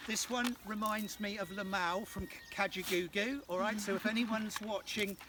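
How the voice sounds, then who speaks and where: A man in his thirties with a high, steady voice and moderate pace gives a casual tour of farm fields outdoors. He's jokey and chatty with teasing asides, recorded from a distance with field noise around him.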